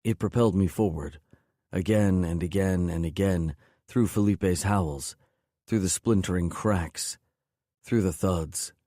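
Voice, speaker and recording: A man's voice: low voice, unhurried, mellow, dry recording, studio quality. A man narrating an audiobook in first person, intense and brooding.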